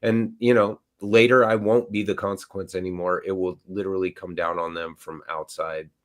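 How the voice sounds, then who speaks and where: A man's voice: deep voice, level tone, moderate pace. A middle-aged man co-hosting a live stream, chatting casually with lots of fillers. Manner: rambling, filler-heavy. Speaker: co-host. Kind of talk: casual chat.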